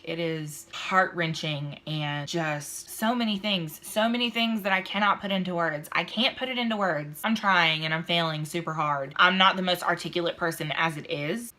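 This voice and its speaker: A woman's voice: low voice, sharp tone. A young woman chatting casually about books she read, talkative and emphatic, with fillers and sudden bursts of feeling. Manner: chatty, with fillers and a Southern "y'all"; emotional and emphatic at times. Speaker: book vlogger. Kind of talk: casual book review chat.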